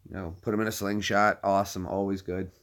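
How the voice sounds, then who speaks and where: A man's voice: low-pitched, little pitch movement, fast. A man in his thirties chatting casually to a live-stream audience, rambling and joking. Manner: rambling, jokey, puts on silly voices.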